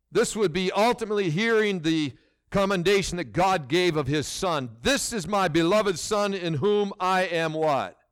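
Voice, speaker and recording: A middle-aged male preacher delivers a sermon with a lively voice that rises and falls widely. His pitch sits a touch high for a man, and he throws rhetorical questions at his listeners and restarts phrases as he presses each point. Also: clean tone. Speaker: pastor.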